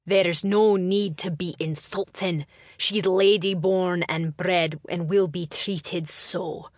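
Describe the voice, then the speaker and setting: Woman doing a gruff big brother, stern and slow, dry sound. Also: lowish voice, fairly even intonation, no room sound. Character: gruff protective older brother, young man.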